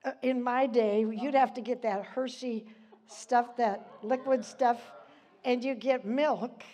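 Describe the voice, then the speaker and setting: Older woman, high-ish voice, informal Bible teaching, chatty, rambling, laughs a lot. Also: fairly even intonation, slow, dark tone.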